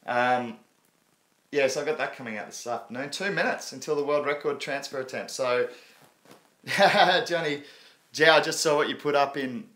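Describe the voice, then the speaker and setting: A man's voice: medium pitch, normal speed, a bit bright. A man in his thirties with an Australian accent, hosting a casual live stream and chatting loosely with viewers. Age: 30s. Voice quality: laid-back, slangy, frequent laughs. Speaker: crypto livestream host.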